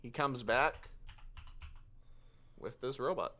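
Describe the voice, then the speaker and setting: A man's voice: medium pitch, takes it slowly, pushed and bright. A man narrating as game master in a casual, loose storytelling manner.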